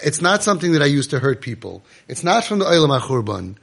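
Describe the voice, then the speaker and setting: Moses , as a preacher plays him, answers humbly and earnestly, explaining himself. The voice is slightly higher than most men's. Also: male voice, sing-song, fast talker, vocal fry, fairly bright tone, breathy edge, heavily acted.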